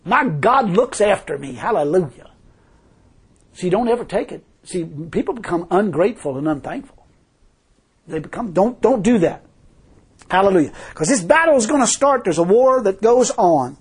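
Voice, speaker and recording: A man's voice: sits high, big pitch swings, moderate pace, husky. A man preaching a fervent sermon, telling a story and repeatedly crying hallelujah.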